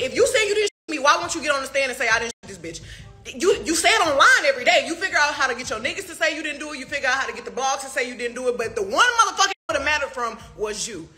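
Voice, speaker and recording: A woman's voice: high-pitched, lively intonation, fast talker, bright, forceful tone, soft background music. A young woman in a heated, profane livestream rant, firing off rhetorical questions. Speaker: artist speaking to fans.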